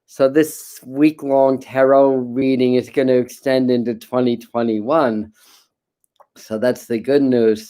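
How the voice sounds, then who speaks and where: A man's voice: mid-range voice, mellow, clear, resonant tone. A man hosting a live tarot stream, talking casually and rambling with frequent restarts and repeated words. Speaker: tarot reader and livestream host.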